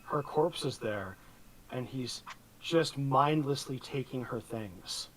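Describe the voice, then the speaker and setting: A man narrating a tabletop game as game master, in slow, ominous descriptive narration. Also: medium pitch, expressive, slight background noise.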